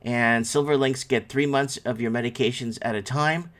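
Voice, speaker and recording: A male host talks loosely through headlines on his morning stream, wandering off on tangents and answering chat comments as they come in. He sounds sleepy and yawning, with a middling pitch and an everyday voice. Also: steady tone, normal speed, a bit bright. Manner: rambling, reacts to chat comments. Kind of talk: casual live-stream commentary.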